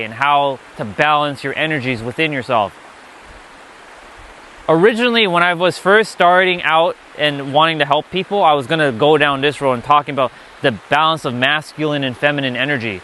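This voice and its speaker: Blunt, bright-voiced male spiritual teacher. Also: on the high side, slight background noise. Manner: blunt, profane, emphatic. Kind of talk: unscripted spiritual lesson.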